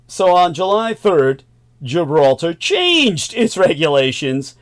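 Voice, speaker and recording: A man's voice: on the high side, very animated, takes it slowly. A male host delivering a long current-affairs monologue, emphatic, with sardonic asides and chuckles.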